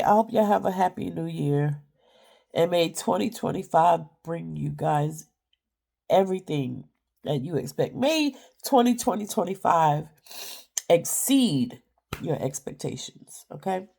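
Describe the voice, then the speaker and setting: A woman's voice: on the low side, a little slow, creaky, a little mellow. Grandmother vlogger, congested, easygoing home chat. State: stuffy with a cold. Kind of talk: casual chat to viewers. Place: in bed at home.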